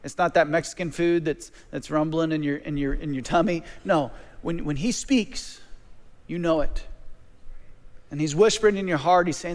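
A man preaching a sermon as a pastor, animated, with repeated phrases and quick stammered restarts. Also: a little high. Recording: long reverb of a large hall.

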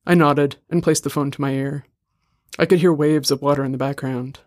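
A man reading a short story aloud in a steady, measured way. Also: a little high, no room sound, clean studio sound. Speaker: story reader. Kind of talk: scripted narration.

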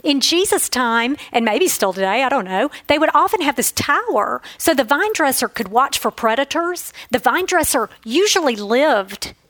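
A woman's voice: high-pitched, sing-song, moderate pace, hardly any pauses, a bit bright, dry recording, rough recording. A woman giving an earnest, emotional devotional Bible teaching, telling stories from her own life.

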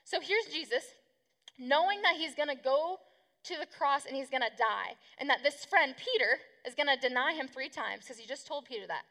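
A woman's voice: high-pitched, animated, moderate pace, sharp tone, big-room sound. A woman preaching a casual youth sermon, chatty and slangy, acting out the people she talks about. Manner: chatty, slangy, acts out quotes. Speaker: youth pastor.

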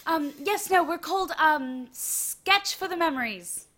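High, bright, cheerful comedy co-host woman. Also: measured pace. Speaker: comedy co-host, sketch performer. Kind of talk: improvised comedy banter.

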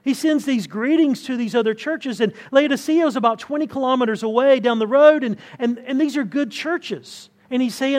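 A man's voice: extremely high pitch, fast talker, few pauses, darkish tone. A man preaching a conversational sermon to a church congregation, often restarting words and pressing his points with rising emphasis. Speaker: pastor. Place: church hall.

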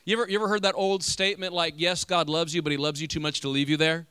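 An energetic male pastor delivers a sermon with sudden emphatic climbs. His voice is bright and smooth. The sound is dry and close. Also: a little high, quick pace, no room sound.

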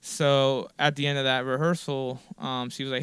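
A man's voice: mid-range voice, fairly even intonation, normal speed, fairly bright tone, smooth, no room sound. A man in his forties telling a long, rambling story in a casual interview, with lots of fillers and the odd swear word. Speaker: guest musician.

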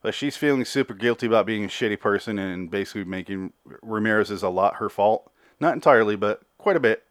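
A man's voice: fairly low pitch, fast, dry recording, clean studio sound. Out-of-breath man recapping an episode. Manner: profane, rambling, repeats words when restarting. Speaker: podcast host. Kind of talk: casual episode recap and review.

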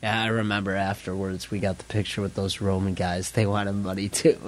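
A man's voice: low voice, little pitch movement, normal speed, a little hiss or hum. A young man co-hosting a podcast, chatting in a laid-back way and laughing at his own stories. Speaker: podcast co-host. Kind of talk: casual chat.

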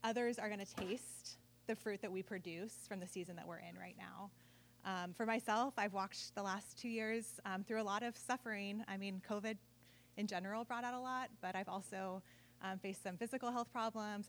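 Gentle, hesitant woman speaking in church. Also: medium pitch, slight background noise. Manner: gentle and hesitant, many ums. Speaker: prayer leader. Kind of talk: sharing a testimony in church.

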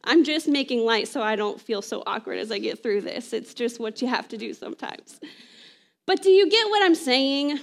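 A woman preaching a conversational sermon, often checking in with "right?" and slowing down to read scripture aloud. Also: a little high, animated, vocal fry.

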